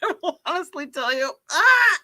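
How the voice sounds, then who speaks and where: Woman co-host, kinda high voice, chatty and expressive. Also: moderate pace. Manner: expressive, laughs easily, earnest. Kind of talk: casual chat.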